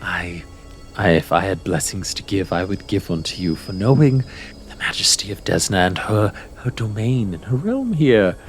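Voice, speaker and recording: A man voicing a gracious, serene female celestial who welcomes travelers with gentle formality. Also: low-pitched, very animated, moderate pace, soft background music. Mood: welcoming.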